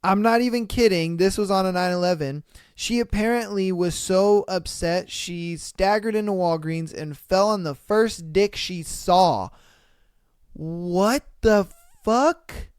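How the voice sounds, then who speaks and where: A man hosting a casual podcast, reacting to listener posts with profane disbelief and loud bursts of laughter. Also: high voice, measured pace, clear, resonant tone, no room sound, clean studio sound. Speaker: podcast host.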